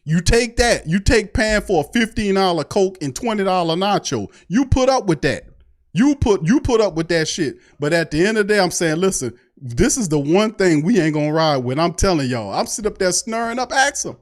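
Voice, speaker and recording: A man's voice: sits high, expressive, a little fast. Fired-up New man ranting. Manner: fired-up, preachy, profane, mocking imitations. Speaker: sports podcast host. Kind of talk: heated fan rant.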